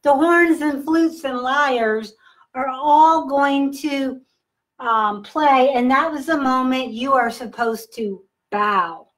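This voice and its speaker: A woman pastor telling a Bible story to children in a slow, deliberate way. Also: high voice, fairly bright tone, rough recording.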